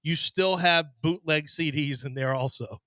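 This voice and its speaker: A man's voice: a little high, measured pace, sharp tone, dry recording. A man co-hosting a sports radio show in a studio, joking and riffing in casual banter. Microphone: studio microphone.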